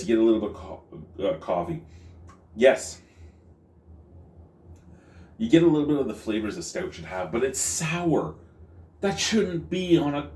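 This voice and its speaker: An exasperated man rants through a casual beer review, swearing and circling back to the same complaints. His pitch swings widely. He sits back from the mic in a roomy space with faint noise behind him. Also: recorded from a distance. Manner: exasperated, swearing, repeating himself. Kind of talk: casual video review rant.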